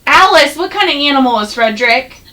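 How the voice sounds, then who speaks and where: A woman teaching a first grade class, sounding out words slowly and praising the children. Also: high-pitched, animated, pushed and bright, recorded from a distance, low-quality recording. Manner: slow, exaggerated sounding out of words, encouraging. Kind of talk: classroom phonics and reading lesson.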